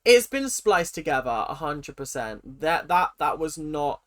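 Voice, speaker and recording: A woman hosting a comic reaction video in a low voice that swoops up and down a lot. She is sarcastic and giggly and plays up mock outrage. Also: big pitch swings, unhurried.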